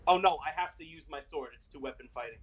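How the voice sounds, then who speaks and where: Male player, casual and eager, a little high-pitched. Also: fast talker, fairly bright tone, soft background music. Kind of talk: casual tabletop play.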